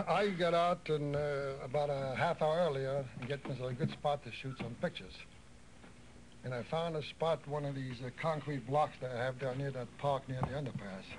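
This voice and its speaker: A man's voice: medium pitch, slight background noise, rough recording. Shaken male eyewitness. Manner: shaken, halting. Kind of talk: interviewed on live TV.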